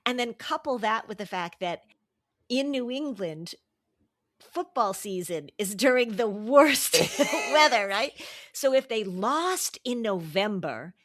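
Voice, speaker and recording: Middle-aged woman podcast host: casual, animated, quick to laugh, dry close sound. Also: a little high, dry recording. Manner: animated, laughs often, acts out quoted voices. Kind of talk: casual chat.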